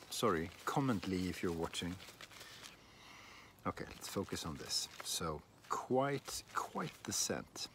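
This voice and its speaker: Low-ish guy rambling slow outside in the garden, laughs at himself, bit of wind. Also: fairly bright tone. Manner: rambling, self-deprecating, many restarts. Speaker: shaving vlogger. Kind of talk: casual outdoor vlog chat. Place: outdoors in a windy garden.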